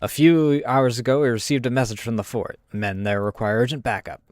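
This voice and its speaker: A man's voice: mid-range voice, fairly even intonation, fairly quick, darkish tone, dry recording, studio quality, lightly acted. Stern army officer, as a man puts on an accent. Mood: grave. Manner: reads briefing aloud in a put-on accent. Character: stern male army officer briefing a private.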